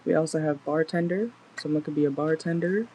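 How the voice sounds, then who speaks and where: A woman's voice: sits low, fairly quick, mellow, a little hiss or hum, rough recording. A woman doing a casual tarot reading in a car, chatty and blunt, swearing freely as she talks to viewers. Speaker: tarot reader.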